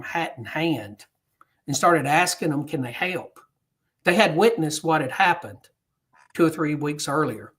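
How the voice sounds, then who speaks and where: A man tells a history story to an audience in an unhurried, storytelling way. He acts out the quoted dialogue along the way. His voice sits a little higher than most men's. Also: a bit bright. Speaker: guest speaker on history.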